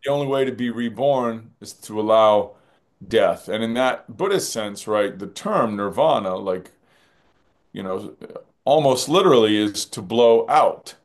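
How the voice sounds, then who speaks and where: A man's voice: on the low side, lively intonation, unhurried. A man, a film director as guest, talks in a reflective interview, earnest and musing, often repeating phrases.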